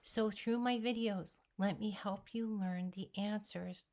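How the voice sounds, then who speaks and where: A woman's voice: medium pitch, fairly even intonation, a little slow, few pauses. A woman vlogger giving an earnest, emphatic motivational talk straight to the viewer. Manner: speaks directly to the viewer. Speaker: weight-loss vlogger.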